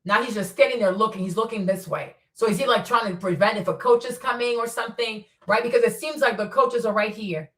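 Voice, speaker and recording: A woman's voice: on the high side, fairly quick, few pauses, fairly bright tone, echoey room, distant mic. A woman streamer commenting on footage in a casual, insistent way, repeating herself as she points out details step by step.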